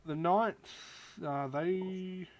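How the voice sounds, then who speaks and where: A man's voice: sits high, extremely slow, no room sound, dull audio. A man hosting a casual podcast chat, bantering with friends, stammering through restarts and laughing often. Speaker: podcast host.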